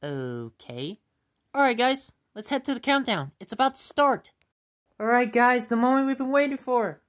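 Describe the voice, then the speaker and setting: A woman performing a puppet comedy skit, excitable and prone to shouting. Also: on the high side, moderate pace.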